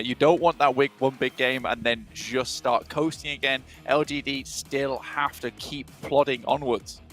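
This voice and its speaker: A man calling a live esports match, easygoing and chatty. His pitch sits mid-range, with faint music under the commentary. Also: a bit bright. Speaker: esports caster.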